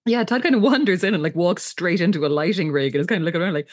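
A woman co-hosting a casual recap chat, animated and giggly, swearing casually. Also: lowish voice, rapid-fire, no echo, studio quality. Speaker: podcast co-host.

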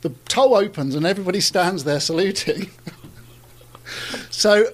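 A middle-aged Englishman, a car designer, telling stories in a casual interview, animated and often laughing, with frequent restarts. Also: high voice, normal speed.

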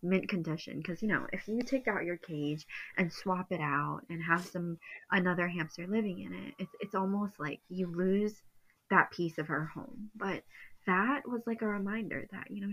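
A woman's voice: fairly low pitch, moderate pace, a bit bright, lo-fi sound. A woman who is a podcast guest, comforting and upbeat in casual chat, laughing often.

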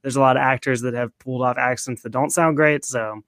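A man's voice: mid-range voice, fairly even intonation, brisk, a bit bright, slight background noise. A man co-hosting a podcast in a casual recap chat, often asking his co-host's opinion. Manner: conversational, asks his co-host questions. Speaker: podcast co-host.

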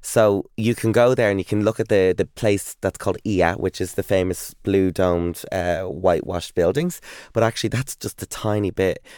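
A man's voice: low voice, steady tone, moderate pace, a little mellow, smooth, no echo, studio quality. A man with an Irish accent in his thirties, chatting enthusiastically as an interview guest, telling stories with many fillers and restarts. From Ireland. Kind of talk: casual interview chat.

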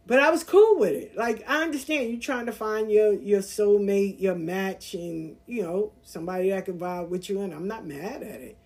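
Animated woman telling a personal story. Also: mid-range voice, moderate pace, hardly any pauses. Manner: animated, acts out voices in her anecdotes. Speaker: podcast host. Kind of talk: casual storytelling monologue.

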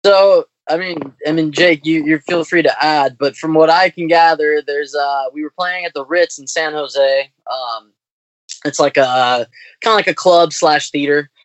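A man's voice: fairly high pitch, fairly even intonation, measured pace, no room sound, highs cut off. A man in his twenties, a touring musician and podcast guest, telling a story hesitantly with many ums and restarts. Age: 20s. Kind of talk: casual podcast conversation.

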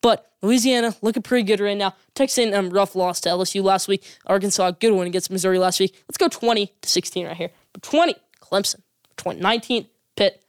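Fast-talking woman doing a football vlog, super opinionated, hammers the same point over and over, dry sound. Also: mid-range voice, smooth, no room sound. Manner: emphatic, repeats points for effect. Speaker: sports vlogger. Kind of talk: opinionated college football commentary.

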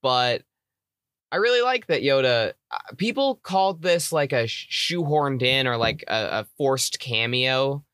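A man co-hosting a casual fan discussion podcast, wry and teasing, talking in quick bursts. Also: medium pitch, lively intonation, fairly bright tone, clear, resonant tone, no room sound, clean studio sound. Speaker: podcast co-host.

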